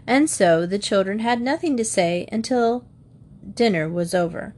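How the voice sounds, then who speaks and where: A woman narrating a children's book in a steady storytelling manner. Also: medium pitch, unhurried. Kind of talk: audiobook reading of a children's book.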